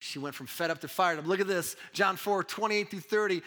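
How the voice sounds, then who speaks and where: A man preaching a sermon as pastor, swinging between loud urgent preaching and hushed, intimate asides. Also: sits high, fairly quick, few pauses, in a large hall.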